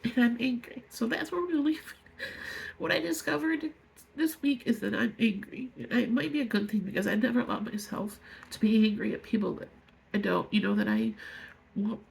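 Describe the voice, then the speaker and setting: A woman in her fifties speaking to viewers in an emotional personal vlog, angry and tearful, halting as she pours out her feelings. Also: a little high, darkish tone, low-quality recording. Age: 50s. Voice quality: gravelly, very husky voice. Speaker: vlogger.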